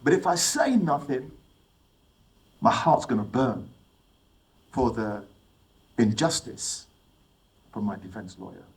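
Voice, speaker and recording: A man's voice: mid-range voice, sing-song, takes it slowly, long pauses, rough recording. A man telling stories to an audience. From England. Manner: storytelling, asks the audience questions. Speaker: speaker addressing young people. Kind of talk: motivational talk with personal stories.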